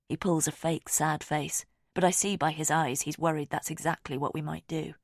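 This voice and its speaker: A woman reading a thriller audiobook in calm, measured first-person narration. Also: low-pitched, creaky, no room sound, clean studio sound.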